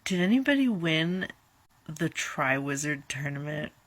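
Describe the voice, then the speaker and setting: A young woman in her twenties talks through a casual reaction vlog with a low, unhurried voice. She is chatty and dramatic, with giggly asides, and sounds worn out and tired. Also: sing-song, fairly bright tone, no room sound. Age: 20s. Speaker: vlogger.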